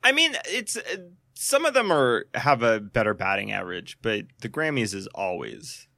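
Gravelly-voiced man joking in casual chat. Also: lowish voice, moderate pace, no room sound, clean studio sound. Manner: playful, deadpan absurd bits.

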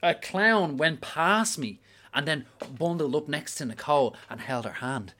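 A young Irish man co-hosting a podcast, telling stories in a casual, animated way with plenty of swearing. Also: fairly high pitch, a little slow. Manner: animated storytelling, heavy swearing. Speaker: podcast co-host. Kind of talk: casual chat.

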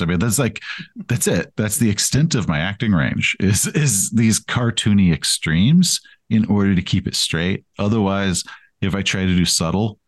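A man's voice: lowish voice, animated, moderate pace, no room sound. A man chatting as a podcast guest, rambling and self-deprecating, with frequent restarts. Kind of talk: casual interview chat.

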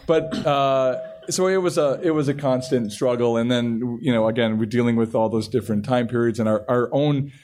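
A man's voice: medium pitch, moderate pace, hardly any pauses, a little mellow, a little hiss or hum. A middle-aged man, a television writer, telling a long story at a panel interview and often restarting his sentences. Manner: rambling storytelling with frequent restarts. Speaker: television writer and show creator.

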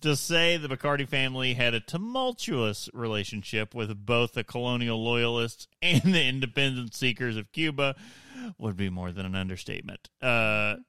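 A man's voice: mid-range voice, animated, normal speed, sharp tone, clear, resonant tone, no echo. A man hosting a podcast, reading notes on history aloud and breaking off into jokes with a laugh. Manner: laughs often, reads then jokes aside. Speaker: podcast host.

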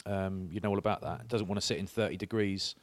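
A man's voice: low-pitched, steady tone, fast. A man, chatting on a podcast and telling stories with laughs and swearing. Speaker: podcast co-host. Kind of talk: casual chat.

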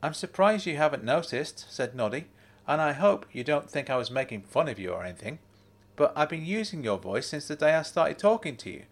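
Man reading a calm older con man. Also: on the high side, a little fast, voice pushed up. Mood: confiding. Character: older male con artist and impersonator, calm.

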